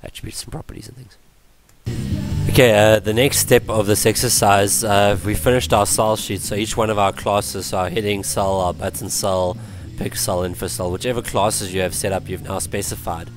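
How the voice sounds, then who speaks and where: A man explaining web page coding in a screen-recorded tutorial, his voice worn from illness, halting with many ums and restarts. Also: lowish voice, fairly even intonation, over music. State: voice going from illness. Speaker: tutorial presenter.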